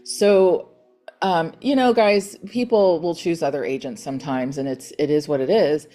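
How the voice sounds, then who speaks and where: A middle-aged woman hosting a motivational real estate team call, chatty and encouraging, retelling conversations with lively quoted voices. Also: low-pitched, normal speed, soft background music.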